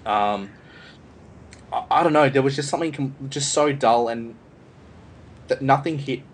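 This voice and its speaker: A man's voice: mid-range voice, a little slow, a little hiss or hum. A man hosting a casual film review podcast, rambling with lots of fillers and restarts. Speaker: podcast host.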